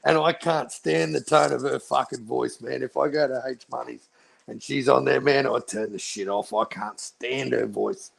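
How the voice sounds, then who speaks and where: A man's voice: mid-range voice, steady tone, moderate pace, vocal fry, husky. A man on a livestream panel, talking bluntly and swearing a lot in casual chat.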